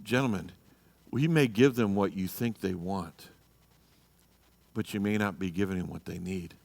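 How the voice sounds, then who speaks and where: This marriage-class teacher at church has a low, creaky, darkish voice and speaks at a moderate pace in a large-sounding room. He is blunt and exhorting, repeatedly asking "you know" and "okay?", and he acts out quoted people in a louder voice.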